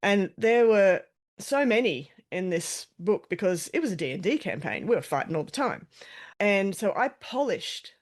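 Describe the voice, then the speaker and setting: A woman's voice: medium pitch, very animated, moderate pace. A woman guest author talking casually in an interview, explaining things in a chatty way with frequent restarts and self-corrections.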